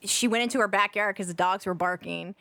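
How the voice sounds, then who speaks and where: A woman co-hosting a podcast in casual chat, jumping in excitedly and swearing freely. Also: mid-range voice, a little fast, gravelly. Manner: excitable, profane, jumps in on others. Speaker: podcast co-host.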